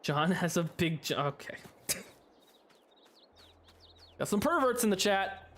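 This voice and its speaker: High-voiced man streaming a farming game. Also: very animated, slow pace, a bit bright. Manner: rambling, chuckling, chatting with viewers. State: sleepy, yawning. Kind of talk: casual livestream commentary.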